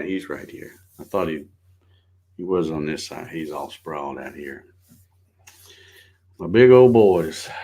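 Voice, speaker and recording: Middle-aged guy, really low voice, laid-back folksy livestream host chatting and saying hi to everybody. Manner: greets viewers by name in a relaxed, folksy drawl. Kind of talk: casual morning livestream chat.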